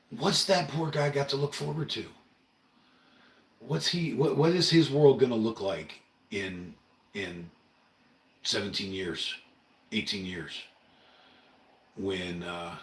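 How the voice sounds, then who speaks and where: A man's voice: medium pitch, expressive, takes it slowly, pauses often, far from the mic. A middle-aged man from Oregon hosting a home livestream, speaking in an earnest, rambling, emotional way. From Oregon, USA. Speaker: livestream host. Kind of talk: casual livestream monologue. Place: room at home. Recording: roomy, a bit off-mic.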